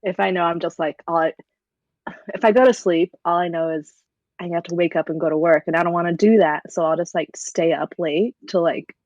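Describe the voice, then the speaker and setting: A young woman co-hosting a podcast, talking in a relaxed, chatty way and laughing easily. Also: fairly low pitch, a little fast, no room sound, muffled recording. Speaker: podcast co-host. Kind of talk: casual chat.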